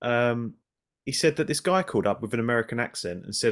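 Male co-host, mid-pitched, loose rambling storyteller, casual chat. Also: a little fast. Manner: rambling anecdotes, animated when laughing. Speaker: podcast co-host.

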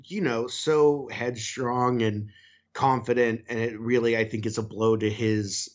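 Man, podcast co-host, casual review chat, rambling, enthusiastic, mid-pitched, muffled lo-fi recording. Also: steady tone, unhurried.

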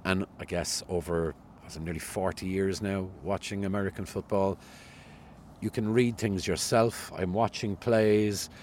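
A middle-aged man with a Cork Irish accent, a radio newsreader, chats casually as an interview guest, self-deprecating and full of stories. His voice is low and darkish, with fairly even intonation and a measured pace. There's slight background noise.

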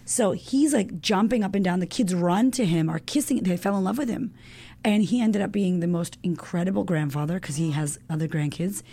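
A woman in her thirties, a women's coach, talking as a guest in an animated, emotional way, full of fillers and the odd swear word. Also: fairly low pitch, fairly quick, slightly rough. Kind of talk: casual chat.

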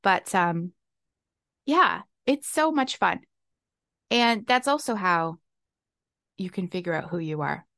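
A woman's voice: on the low side, lively intonation, slow, pauses often, sharp tone, dry recording, studio quality. Exuberant laughing woman podcaster. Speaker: podcast host. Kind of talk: casual solo podcast talk. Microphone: desk mic.

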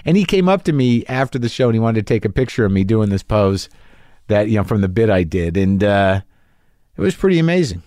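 A middle-aged man, a podcast host and comedian, telling a stage story in a casual rambling monologue, stumbling over repeated words and jumping up in pitch when he acts out people from the crowd. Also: sing-song, a little fast, darkish tone, no room sound, studio quality. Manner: voice rises sharply when acting out audience members.

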